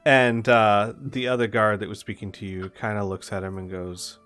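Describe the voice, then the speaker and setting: A man narrating a tabletop game as game master, lively and animated. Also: fairly low pitch, moderate pace, hardly any pauses, smooth, faint music behind.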